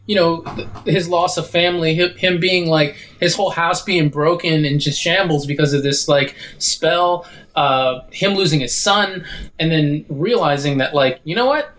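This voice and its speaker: A man co-hosting a casual film podcast, excitable and full of "like"s and swearing. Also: on the high side, moderate pace. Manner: excitable, swears a lot, many "like"s. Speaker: podcast co-host.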